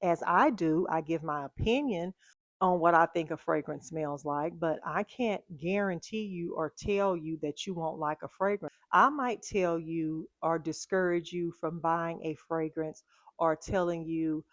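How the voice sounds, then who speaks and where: A woman chatting casually as a fragrance vlogger, telling stories in a relaxed, drawn-out way. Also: deep voice, dry recording. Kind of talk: casual chat.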